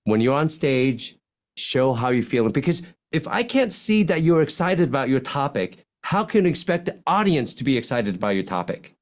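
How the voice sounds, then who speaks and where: A man, a physician, giving speaking advice as a podcast guest, animated and lively, swinging his voice up and down and acting out example lines in contrasting tones. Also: moderate pace. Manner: animated, swings pitch widely to demonstrate points. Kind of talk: podcast interview, coaching talk.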